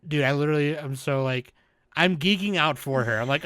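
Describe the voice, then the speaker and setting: A man hosting a podcast, recapping in a rambling, animated, casual way and swearing freely. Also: fairly high pitch, fairly quick, no echo. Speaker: podcast host. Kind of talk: casual chat.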